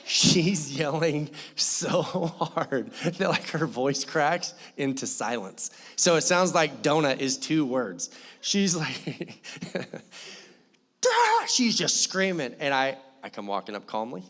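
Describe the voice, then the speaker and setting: Young pastor in an echoing church hall, animated, joking storyteller, somewhat high voice. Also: male voice, measured pace, few pauses. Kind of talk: sermon.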